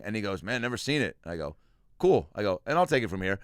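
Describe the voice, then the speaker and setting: A man's voice: lowish voice, sing-song, quick pace, clear, resonant tone, no room sound, clean studio sound. A man hosting a podcast, telling a stand-up story in casual chat and acting out the bits. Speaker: podcast host.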